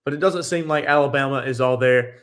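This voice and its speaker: A man's voice: medium pitch, brisk, fairly bright tone. A young man hosting a sports talk show, giving casual, opinionated and rambling commentary with frequent restarts.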